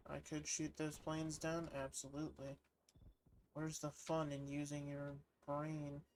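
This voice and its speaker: Slow, flat-voiced goofy male streamer. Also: on the high side, slight background noise. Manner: goofy, swears freely, mumbles jokes to himself. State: sleepy, worn out. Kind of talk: casual gaming commentary.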